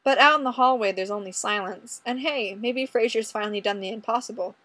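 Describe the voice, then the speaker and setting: A woman's voice: fairly high pitch, brisk, sharp tone, dry recording. Woman narrating wryly, dry close sound. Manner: wry, conversational. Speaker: audiobook reader. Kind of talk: first-person story narration.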